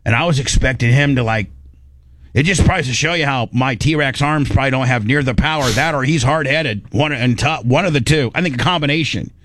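A man hosting a radio talk show, telling a story in a casual, animated way and acting out the quoted dialogue. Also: mid-range voice, a little fast, a little hiss or hum.

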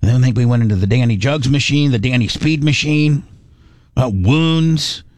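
A male radio host who rambles and teases, often turning the joke on himself. His voice sits at an ordinary pitch and is recorded dry and close in the studio, with no room sound. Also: moderate pace, darkish tone, dry recording. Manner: rambling, teasing and self-mocking. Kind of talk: casual radio chat.

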